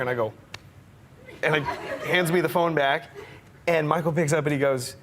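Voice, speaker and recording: A man telling a personal story as a talk show guest, excited and laughing often, tripping over his words. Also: on the high side, moderate pace, pauses often, crowd noise. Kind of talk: casual anecdote.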